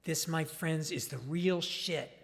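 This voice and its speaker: A man's voice: on the high side, takes it slowly, gravelly. A man playing an eager, awestruck male nature filmmaker narrating with enthusiasm, recorded with long reverb. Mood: zealous. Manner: enthusiastic, wide-eyed. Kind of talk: dramatized monologue.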